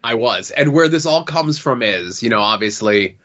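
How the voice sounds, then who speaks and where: A man's voice: mid-range voice, moderate pace. A middle-aged man with a mid-range voice hosts a casual podcast, talking in a loose, slightly stammering way. The sound is dull and lo-fi. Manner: relaxed, loose, a bit stammering. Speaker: podcast host. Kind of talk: casual chat.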